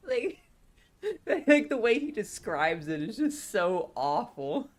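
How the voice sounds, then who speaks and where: A woman's voice: mid-range voice, very animated, drawn-out words. A woman with a sore throat chatting casually on a live stream, laughing often and rambling through her thoughts. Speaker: streamer reading a novel aloud.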